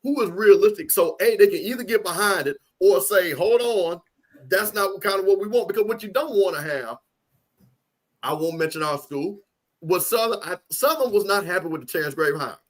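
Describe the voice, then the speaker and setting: A man's voice: high voice, expressive, fairly quick. A man co-hosting a casual college football talk stream, giving blunt, opinionated takes and repeating points for emphasis. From Louisiana. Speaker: co-host.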